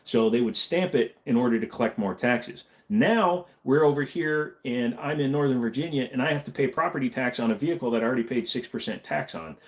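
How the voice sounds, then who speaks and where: A man's voice: medium pitch, a little fast, few pauses. A man hosting a loose late-night livestream Q&A, rambling from topic to topic. He cracks jokes and reads out viewers' messages in an easy, casual way. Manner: rambling, joking, reads chat messages aloud. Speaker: livestream host.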